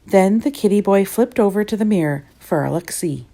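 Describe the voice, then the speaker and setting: A woman reading a children's storybook aloud with lively, expressive narration. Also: medium pitch, a little fast. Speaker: storybook reader.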